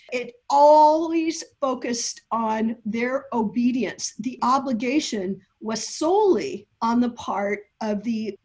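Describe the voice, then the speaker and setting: High, breathy woman explaining scripture. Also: a little mellow. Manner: lecturing, emphatic, laughs often, uses technical terms. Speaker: guest biblical scholar. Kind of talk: animated explanatory talk.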